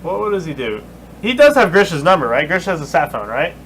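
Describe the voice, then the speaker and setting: Man player, bright tense voice, slightly high, restarts sentences. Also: very animated, a little fast, a little hiss or hum, low-quality recording. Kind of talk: casual tabletop game chat.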